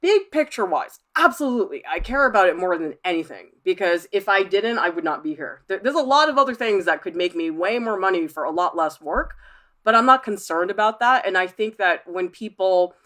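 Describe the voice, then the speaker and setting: A woman art professor hosting a livestream, reading viewer comments aloud and chatting back in a lively, laughing way. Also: medium pitch, a little fast. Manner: chatty, animated, laughs often.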